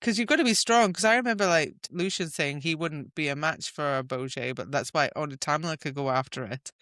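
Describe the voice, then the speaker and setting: A woman's voice: low-pitched, brisk, fairly bright tone, no echo, clean studio sound. A woman co-hosting a podcast, recapping a novel's plot in casual, chatty conversation. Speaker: podcast co-host. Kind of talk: casual book discussion.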